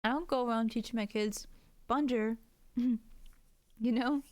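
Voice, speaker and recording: American lady streaming and chatting, kinda high smooth voice, dry close sound, says like a lot and cusses. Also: fairly even intonation, normal speed, a little mellow, no echo. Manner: chatty, swears freely, many "like" fillers, laughs often. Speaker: French teacher streaming while drawing. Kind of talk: casual livestream chat to viewers. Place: indoors at a computer.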